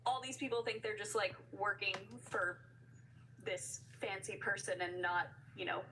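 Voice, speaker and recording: A woman with a mid-pitched voice wonders aloud on a casual live stream. A faint ambient hum sits behind her. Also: unhurried, bright, forceful tone, poor audio. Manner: curious, thinking aloud. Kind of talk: casual live reaction chat.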